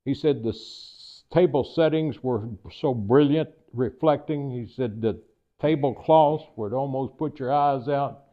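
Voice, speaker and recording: Folksy older Kentucky storyteller. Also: male voice, medium pitch, a little slow. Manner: easygoing, humorous. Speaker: guest speaker. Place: private residence, talk to a local society. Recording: tinny phone-like recording.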